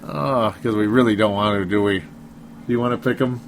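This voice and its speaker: A man's voice: fairly low pitch, steady tone, a little fast, a little hiss or hum. A man co-hosting a casual sports podcast, rambling, laughing often and breaking off his own sentences. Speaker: podcast co-host.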